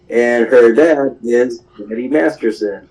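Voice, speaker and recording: A man's voice: medium pitch, steady tone, a little slow, mellow, low-quality recording. A young man hosting a show, casually recapping anime episodes in a rambling way full of fillers and small laughs.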